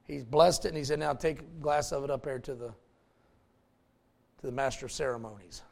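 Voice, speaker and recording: A male pastor preaching a folksy, animated sermon with asides to the congregation. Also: mid-range voice, normal speed, vocal fry.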